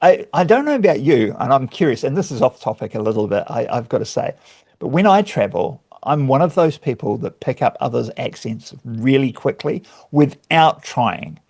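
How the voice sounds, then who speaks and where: A man's voice: medium pitch, lively intonation, normal speed, a little mellow, breathy edge. A middle-aged man with a New Zealand accent, a speaker coach chatting easily as a podcast guest. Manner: easygoing, laughs often. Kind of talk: casual interview chat.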